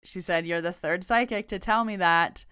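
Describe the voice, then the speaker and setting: A woman's voice: lowish voice, normal speed, bright, forceful tone, clean tone, dry recording, clean studio sound. A young adult woman hosting a podcast, telling a story in a casual, chatty way and acting out quoted dialogue. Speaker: podcast host and medium.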